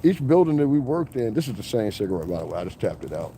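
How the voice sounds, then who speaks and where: A man's voice: on the low side, fast talker, a little hiss or hum. Profane New York guy ranting on a live stream. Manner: animated, profane, slips into mocking impressions. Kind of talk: casual live-stream rant. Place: outdoors in falling snow.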